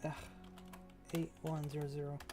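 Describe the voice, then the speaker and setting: A man's voice: a little high, monotone, normal speed, over music. Man muttering while building a game map. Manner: mutters and thinks aloud, trailing off. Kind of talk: casual commentary while working.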